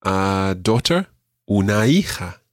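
Low-voiced man teaching a language. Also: very animated, dry recording, clean studio sound. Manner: patient, encouraging, repeats words slowly. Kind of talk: radio language lesson.

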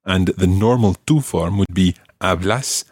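A man hosting a language-learning podcast, explaining grammar patiently and clearly. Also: low-pitched, a little slow, darkish tone, dry recording, clean studio sound. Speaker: language teacher and podcast host.

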